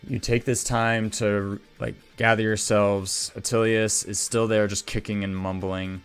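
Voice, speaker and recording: A man narrates as game master in a loose, casual way with frequent restarts. His voice sits low. Faint music runs underneath. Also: level tone, a little slow, smooth.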